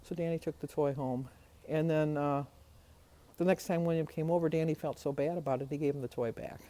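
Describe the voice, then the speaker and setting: Older woman, chatty daily vlog, lowish voice, easy storytelling. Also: steady tone, a little fast, warm tone. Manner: chatty storytelling, laughs often. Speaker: vlogger.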